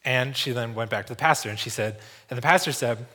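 Male preacher, casual and conversational, mid pitch, lots of fillers. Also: quick pace, pushed and bright, husky. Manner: tells a story, acting out the voices of the people in it. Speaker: visiting preacher. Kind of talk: sermon.

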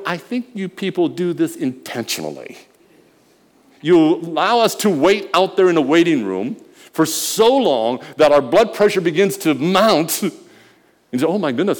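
Male preacher, fairly high voice, storytelling sermon, long reverb from a hall. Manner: storytelling, swings from quiet murmurs to loud emphatic bursts.

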